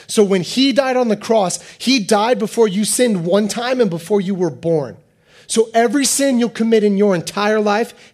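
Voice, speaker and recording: A man preaching a sermon as a pastor, animated and repetitive, acting out quotes in his talk. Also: high voice. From United States.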